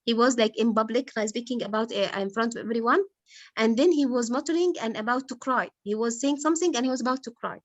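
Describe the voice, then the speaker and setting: A woman's voice: on the high side, quick pace, no room sound, highs cut off. A woman teaching English literature, explaining a novel to her class patiently and quizzing her pupils, with lots of "like" as filler.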